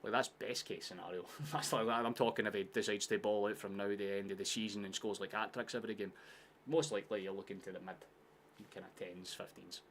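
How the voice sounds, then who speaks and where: Low, bright-voiced man watching football. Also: fairly even intonation, quick pace, slight background noise. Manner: laid-back, swears often, sudden shouts at chances. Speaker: streamer hosting a football watchalong. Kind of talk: casual live watchalong chat.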